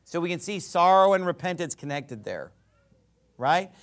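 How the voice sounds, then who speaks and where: A man's voice: high voice, animated, normal speed. A male pastor preaching a sermon, acting out imagined speakers as he teaches.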